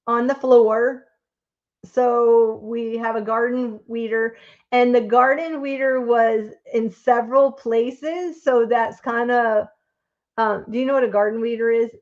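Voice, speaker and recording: A rather high-pitched woman hosts a live stream in a loose, rambling, chatty way, answering the chat as she goes. Her voice comes through dull and lo-fi, with the top end muffled.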